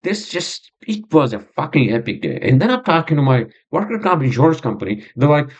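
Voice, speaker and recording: On his own podcast, a man vents in a rambling, agitated monologue packed with swearing and fillers. His voice is fairly high and fairly quick, with big swings in pitch. The recording sounds dull and lo-fi.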